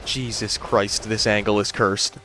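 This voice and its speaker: A man's voice: lowish voice, little pitch movement, measured pace, sharp tone, slight background noise. A man narrating a commentary video, explaining at length and sounding incredulous.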